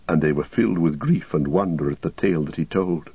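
A man reading an epic story aloud in a steady, measured voice. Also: a bass voice, breathy edge, no echo. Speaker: audiobook narrator. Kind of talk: scripted narration. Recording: dull lo-fi recording.

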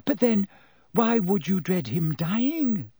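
A man's voice: high voice, big pitch swings, slow pace, dark tone, slightly rough, dry recording, clean studio sound, voice pushed up, full character voice. Hermione: a man doing a bossy clever schoolgirl. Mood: earnest. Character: earnest, bossy schoolgirl, logical and impatient. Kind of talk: audiobook character voice.

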